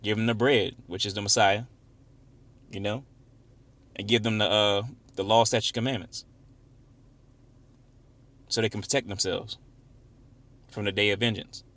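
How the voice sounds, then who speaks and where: A man leading an informal Bible study, reading verses slowly and with emphasis, then explaining them in casual, conversational talk. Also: lowish voice, steady tone, a bit bright. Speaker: Bible teacher.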